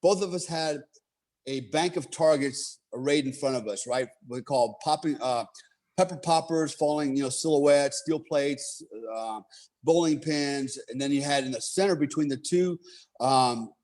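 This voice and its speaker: A man's voice: a little high, measured pace, darkish tone. Man telling a profane story. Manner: profane, laid-back, heavy on "you know" and "right?". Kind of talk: casual storytelling.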